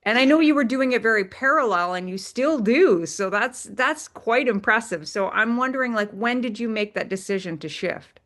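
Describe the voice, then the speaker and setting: A woman's voice: on the high side, expressive, normal speed, hardly any pauses, fairly bright tone. A woman hosting an interview who asks her questions with enthusiastic, admiring remarks. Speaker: interview host.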